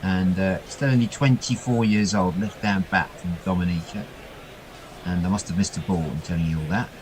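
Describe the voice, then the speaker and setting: A man giving chatty ball-by-ball cricket commentary, getting excited when the ball reaches the boundary. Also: low voice, moderate pace, slight background noise, low-quality recording.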